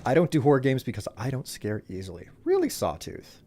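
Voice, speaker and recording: Man, game streamer, casual rambling commentary, mid pitch. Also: animated, quick pace, a little mellow. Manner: rambling, reflective chat.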